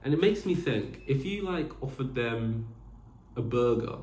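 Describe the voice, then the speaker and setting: A man's voice: mid-range voice, lively intonation, a little slow, darkish tone. A young man hosting a podcast alone, rambling casually with lots of fillers and restarts. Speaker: podcast host. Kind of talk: casual solo chat. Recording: echoey room.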